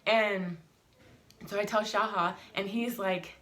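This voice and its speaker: A woman's voice: mid-range voice, steady tone, slow pace, a bit bright, a little hiss or hum. A young adult woman, a mother vlogging, telling a story in a heated, emphatic way and swearing. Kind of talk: casual vlog storytelling.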